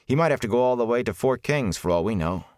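A man's voice: mid-range voice, lively intonation, fast, a little mellow, dry recording, clean studio sound, pitched above the performer's own voice, natural voice. A man voicing a determined, protective young man in an audiobook reading, firm and reasoning.

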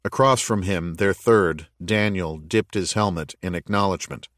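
A man reading an audiobook in steady, measured scripted narration. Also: deep voice, dry recording, clean studio sound.

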